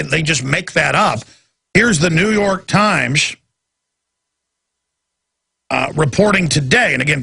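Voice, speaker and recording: Gravelly, forceful ranting male radio host. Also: fairly high pitch. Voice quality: gravelly, raspy. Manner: heated, ranting, sarcastic. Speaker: radio talk show host. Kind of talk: ranting political talk radio.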